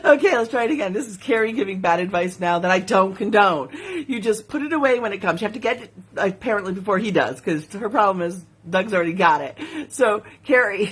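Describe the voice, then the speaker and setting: Broadcasting from her home studio, a woman with a husky, medium-pitched voice runs a laid-back live stream selling her handmade jewelry. She giggles, makes conversation, and reads comments from viewers aloud.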